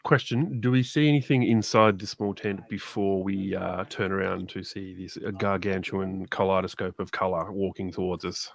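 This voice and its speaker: Low gravelly man at the table. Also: fairly even intonation, moderate pace, hardly any pauses, dry recording. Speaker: player. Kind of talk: casual tabletop chat.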